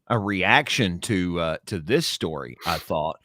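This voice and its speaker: A man co-hosting a casual podcast, reading news aloud and ranting loudly. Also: low-pitched, expressive, a little slow. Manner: rambling, reads news aloud, then rants loudly. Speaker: podcast co-host.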